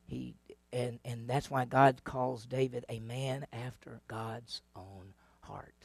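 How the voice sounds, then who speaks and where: A man's voice: mid-range voice, unhurried, gravelly, no room sound. A man teaching a Bible lesson to a class, telling the stories with energy, quizzing his listeners and acting out the voices. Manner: animated storyteller, asks the class questions, acts out voices.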